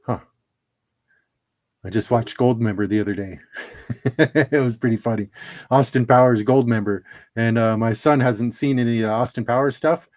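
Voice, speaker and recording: A man's voice: medium pitch, a little mellow. A middle-aged man hosting a casual livestream, chatting and laughing at his own jokes while opening trading cards.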